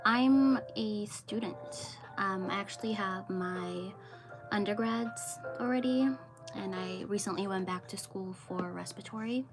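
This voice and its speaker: A woman's voice: mid-range voice, measured pace. Chatty young woman with music behind. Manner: rambling and chatty with many fillers. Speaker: streamer. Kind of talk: casual livestream chat. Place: home room with dogs.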